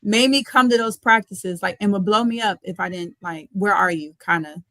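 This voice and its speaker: A young woman coach tells a story in an interview with casual, slangy energy. Her voice sits at a middle pitch and keeps moving with animation. The recording is close and dry. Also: normal speed, no echo. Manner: animated, colloquial, laughs often. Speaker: guest, head basketball coach.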